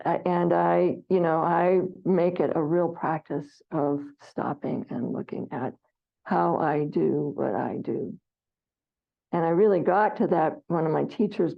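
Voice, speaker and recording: A woman leading a meditation class, speaking gently and reflectively and acting out the inner voices of her students. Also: fairly low pitch, vocal fry. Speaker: meditation teacher. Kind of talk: dharma class talk. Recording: dull lo-fi recording.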